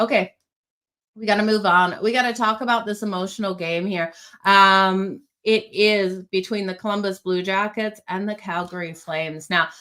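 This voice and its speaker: A woman's voice: mid-range voice, fairly bright tone. Woman hosting a hockey betting show, casual and chatty, keeps saying you guys. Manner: chatty, upbeat, addresses viewers as "you guys". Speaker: sports betting host. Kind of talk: casual picks and predictions talk.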